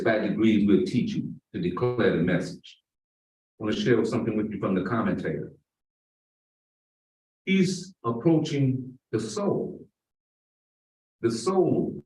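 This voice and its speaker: A man's voice: mid-range voice, a little mellow. Guy preaching a friday sermon, leans hard on words, voice bouncing round a big room, mic a ways off. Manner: emphatic, slow and drawn-out on key words. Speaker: imam. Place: mosque prayer hall. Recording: roomy echo, far from the mic.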